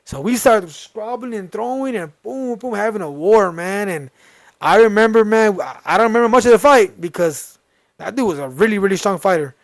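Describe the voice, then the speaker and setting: A man tells a story in a casual podcast. His voice sits a little high for a man, and he acts out the dialogue with lively shifts. The sound is dry and close. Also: moderate pace, no room sound. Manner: animated, acts out quoted dialogue. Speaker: podcast host.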